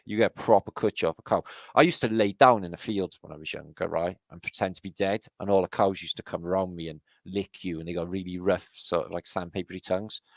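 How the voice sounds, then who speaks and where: Deep, gravelly British man rambling excitedly. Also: no room sound. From Britain. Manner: rambling, excitable, swears freely. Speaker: host. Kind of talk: casual commentary on pictures.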